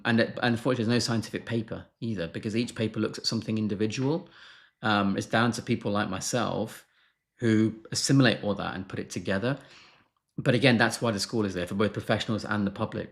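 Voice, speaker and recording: A man who is a doctor answering viewer questions on a live stream, frank and blunt, brushing off marketing claims. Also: fairly low pitch.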